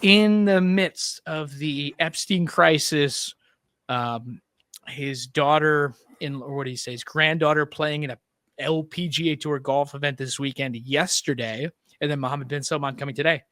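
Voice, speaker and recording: A man's voice: on the high side, normal speed, fairly bright tone, no echo. Man, podcast host, wry filler-heavy chat, dry close mic. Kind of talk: casual political chat.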